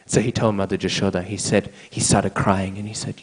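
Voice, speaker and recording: A man's voice: deep voice, level tone, fairly quick, few pauses, husky, poor audio. A man giving a devotional scripture class, checking in with listeners by tagging a questioning "hmm?" onto almost every phrase.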